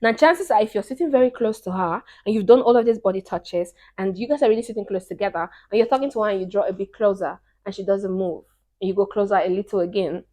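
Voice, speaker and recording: A young woman talks to her camera, handing out dating tips in an easy, casual way. Her voice sits at a middle pitch. She leans hard on her main points, saying them again and again, and often drops low before coming back loud. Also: fast. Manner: emphatic, repeats key points, swings between hushed and loud. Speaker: dating advice vlogger. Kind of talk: casual advice talk to camera.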